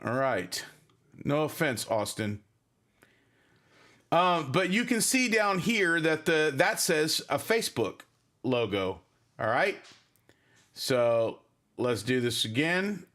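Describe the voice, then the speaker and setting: A man's voice: a little high, big pitch swings, takes it slowly, long pauses, fairly bright tone. Rambling man chatting on a livestream. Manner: rambling, chatty, many fillers. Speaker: band member hosting a livestream. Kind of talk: casual livestream chat reading comments.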